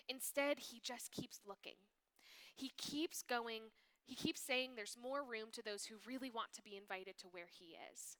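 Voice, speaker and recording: Bright-voiced woman giving a sermon reading. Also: on the high side. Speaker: youth ministry speaker.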